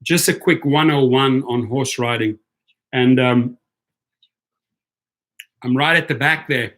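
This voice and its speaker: A man's voice: mid-range voice, takes it slowly, long pauses, fairly bright tone. A man vlogging, talking casually at a table, rambling and repeating his words. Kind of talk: casual chat.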